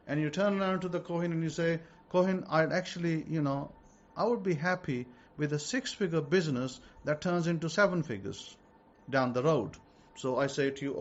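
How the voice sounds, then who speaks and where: A man's voice: a little high, brisk, dull audio. A man teaching as a rabbi in an emphatic sermon, hammering home his points by repeating them. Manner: emphatic, repeats key statements.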